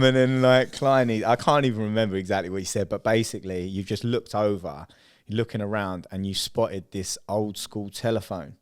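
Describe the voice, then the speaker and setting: A man's voice: lowish voice, brisk. A man with a British accent, co-hosting a podcast and telling a funny story in casual chat, acting out what people said. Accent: British English. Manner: animated storyteller, acts out quotes loudly and laughs. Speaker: podcast co-host.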